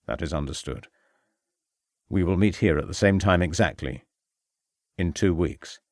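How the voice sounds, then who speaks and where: Brief: shadowy male conspirator, read by a man, deep, cold, hushed and measured, dry sound. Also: no echo. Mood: menacing.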